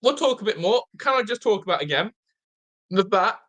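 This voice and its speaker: A young man hosting a live football watch-along, chatting excitedly, reacting to play and reading viewer comments aloud, with a slightly blocked nose. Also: high-pitched, fairly quick. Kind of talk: live fan commentary and chat.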